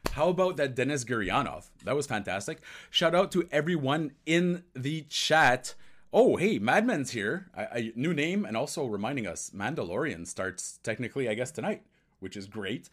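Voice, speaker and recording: A Canadian man hosting a live hockey post-game show, talking in a loose, rambling and upbeat way. He drifts into French greetings between chatting with viewers. His voice sits at an ordinary middle pitch. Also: fairly bright tone. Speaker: podcast host. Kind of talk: casual hockey analysis livestream.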